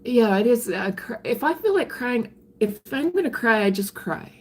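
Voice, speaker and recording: An older woman, chatting candidly on a live stream and answering viewer comments in a halting way, often restarting her sentences. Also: a little high, lively intonation, breathy edge. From Canada. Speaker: livestreamer reading viewer comments. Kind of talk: casual live-stream chat.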